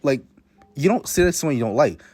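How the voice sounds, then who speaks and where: A teenage boy rambles through a story about his own life, swearing freely and mocking himself as he goes. His pitch swings widely up and down, and his voice has a husky edge. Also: lively intonation, fast talker, a little mellow, dry recording. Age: teens. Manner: rambling, self-mocking, swears a lot, many restarts. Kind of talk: casual storytime monologue.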